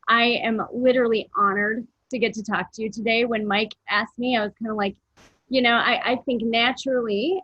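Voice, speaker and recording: A woman's voice: a little high, breathy edge, dry recording, highs cut off. A woman, a fitness coach, speaking as a guest on a video call in an earnest, rambling way. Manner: warm, earnest, rambling, with quick laughs. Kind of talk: casual motivational talk.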